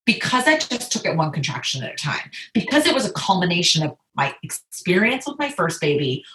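A woman casually telling a personal story, animated and often laughing. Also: brisk, slight background noise. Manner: animated, laughs often, quotes others in high voices. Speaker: guest telling her birth story. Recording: echoey room.

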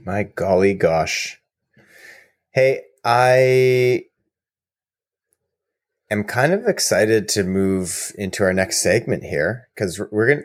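A low-voiced man co-hosts a casual podcast. He talks at an unhurried pace, teasing his co-host and laughing often.

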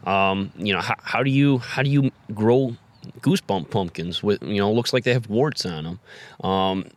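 Halting, low-voiced farm manager. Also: male voice. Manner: halting, repeats words, many fillers. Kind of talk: casual interview answers.

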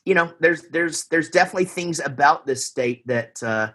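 Husky-voiced man, rambling. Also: a little high, moderate pace, pushed and bright. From Texas, USA. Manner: rambling, lots of fillers and restarts, easygoing. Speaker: guest musician. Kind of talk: casual interview chat.

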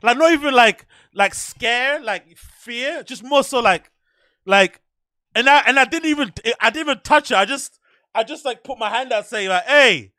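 A man with a high, bright voice tells loose, profane stories in a casual podcast chat. He rambles and doubles back through his anecdotes. The sound is dry and close. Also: normal speed, no echo. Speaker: podcast host.

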